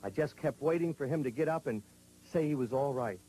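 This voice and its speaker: A man narrating a television news report in a measured, grave, scripted delivery. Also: mid-range voice, dark tone, rough recording.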